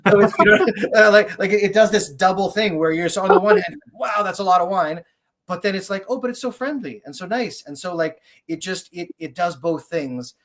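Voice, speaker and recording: A man's voice: high voice, animated, fairly quick, a little hiss or hum. Enthusiastic, rambling winemaker man. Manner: enthusiastic, rambling, heavy use of "like". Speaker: winemaker guest. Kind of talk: casual interview chat.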